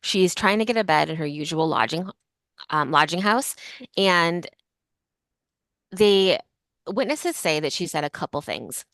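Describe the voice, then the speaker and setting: A woman's voice: fairly low pitch, animated, a little slow, long pauses, a bit bright, dry recording. Chatty woman telling history, dry sound. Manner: chatty, lots of fillers like "like" and "um". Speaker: podcast host. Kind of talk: casual history podcast storytelling.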